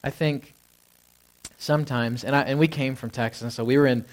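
A man's voice: medium pitch, fairly even intonation, fairly quick. A man preaching a sermon in a conversational way, often asking "right?" and acting out what people say. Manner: acts out quoted people in a lifted voice. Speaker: pastor.

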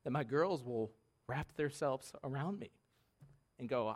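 A man in his thirties preaching a conversational sermon in a church, lively and laughing, often asking the congregation "right?". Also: medium pitch, measured pace. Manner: conversational, animated, laughing, many tag questions. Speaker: pastor. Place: church sanctuary.

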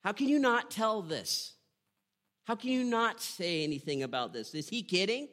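A man giving a devotional Bible teaching. He reads scripture aloud and reflects on it with emotion and slow emphasis. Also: high voice, sing-song, a bit bright. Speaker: preacher.

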